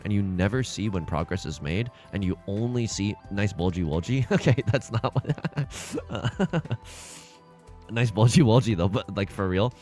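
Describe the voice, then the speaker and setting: Animated man streaming mahjong. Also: mid-range voice. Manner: animated, jokey, reads chat aloud. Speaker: streamer playing online mahjong. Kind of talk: casual livestream chat.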